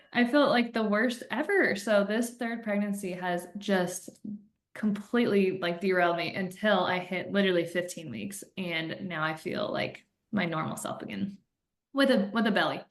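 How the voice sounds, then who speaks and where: A woman's voice: medium pitch, moderate pace. Woman host, 30s, chatty storyteller; echoey room. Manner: chatty, animated storytelling with laughs. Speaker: podcast host and coach. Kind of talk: casual podcast chat. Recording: roomy echo.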